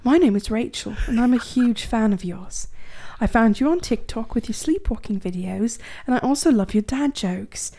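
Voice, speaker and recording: A woman's voice: on the high side, lively intonation, normal speed, mellow. A woman voicing a female listener's letter in a put-on English accent, reading it playfully. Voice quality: playful, self-conscious accent attempt.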